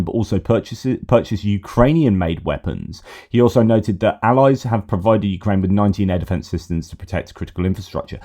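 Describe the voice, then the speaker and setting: A man's voice: fairly low pitch, moderate pace, dark tone. A middle-aged man from Britain hosting a news update, rambling and correcting himself as he thinks aloud. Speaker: host of a war news channel. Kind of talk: casual news commentary.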